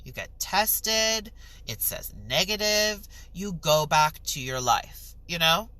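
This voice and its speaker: A woman's voice: lowish voice, lively intonation, slow, pushed and bright, no echo, low-quality recording. A young woman, ranting to the camera in a storytime vlog, exasperated and swearing. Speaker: vlogger.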